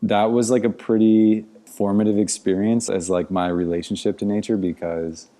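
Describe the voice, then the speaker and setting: A man's voice: lowish voice, level tone, normal speed, mellow. A man, a podcast guest, telling a story in casual conversation, rambling with many "like" fillers. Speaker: podcast guest, outdoor educator.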